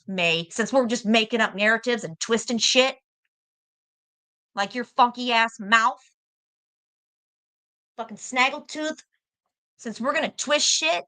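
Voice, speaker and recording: A woman's voice: fairly high pitch, bright, forceful tone. Furious profane woman on a livestream. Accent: American. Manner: confrontational, profane, repeats points for emphasis. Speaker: livestream guest. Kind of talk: heated livestream argument.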